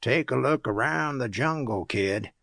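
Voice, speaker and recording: A man's voice: medium pitch, lively intonation, measured pace, gravelly, fairly bright tone, dry recording, clean studio sound, full character voice. A man voicing a self-assured male tramp cook who gives curt, superior orders. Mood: commanding.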